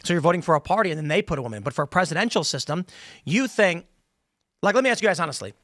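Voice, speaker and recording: A man's voice: a little high, lively intonation, racing, fairly bright tone, no echo. A man hosting a panel podcast, opinionated and explanatory, talking at length around a studio table. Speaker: podcast host. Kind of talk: casual panel discussion. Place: studio table with other hosts.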